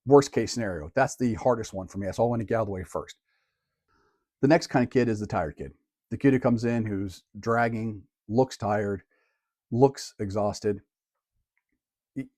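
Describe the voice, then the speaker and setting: A male teacher giving advice to camera in a relaxed, conversational way, using plain everyday phrasing. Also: fairly low pitch, fairly quick, dry recording, studio quality. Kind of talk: casual how-to talk to camera.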